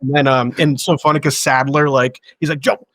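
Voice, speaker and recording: Brief: fast, profane man, animated storyteller, dry sound. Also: mid-range voice, dry recording. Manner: fast, profane, acts out quotes of others. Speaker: guest filmmaker. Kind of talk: casual anecdotal storytelling.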